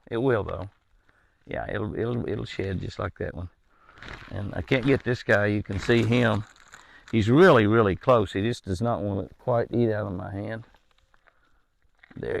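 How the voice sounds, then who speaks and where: Man, gravelly voice, casual outdoor ranch vlog, coaxes deer. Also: fairly low pitch, fairly bright tone, no room sound. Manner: coaxing, chatty, coos to the deer. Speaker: ranch owner filming his deer. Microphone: handheld camera.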